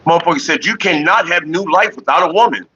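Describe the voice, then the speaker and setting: A man hosting a casual home livestream, telling a profane story to his viewers in an animated way and slipping into quoted voices. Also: fairly high pitch, quick pace, husky, poor audio. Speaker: livestream host.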